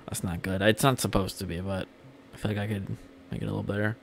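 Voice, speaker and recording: A young male streamer chats loosely with his viewers as he plays, rambling and swearing casually. His voice sits on the low side with a gravelly rasp, and there is a faint hiss behind him. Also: flat delivery, fast talker, few pauses. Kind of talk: casual gameplay livestream chat.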